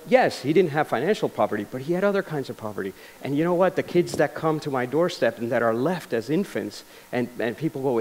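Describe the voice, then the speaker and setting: A man speaks to an audience in a lecture hall, earnest and conversational as he tells stories. He restarts his sentences often and leans on fillers, at a middling pitch. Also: lively intonation, moderate pace, slight background noise. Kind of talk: public lecture.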